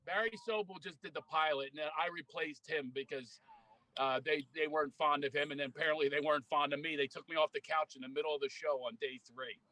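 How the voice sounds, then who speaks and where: A middle-aged comedian chatting over a video call from outside on a golf course. He tells self-mocking stories with quick laughs, in a high, bright voice. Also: fairly even intonation, low-quality recording. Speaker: guest comedian. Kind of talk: casual chat.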